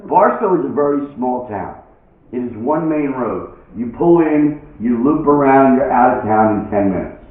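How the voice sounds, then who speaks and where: A man's voice: mid-range voice, lively intonation, normal speed. A man doing live stand-up, telling stories in a chatty, punchy way and acting out the scenes. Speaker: stand-up comedian. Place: live venue with an audience. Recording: echoey venue, distant phone-like mic.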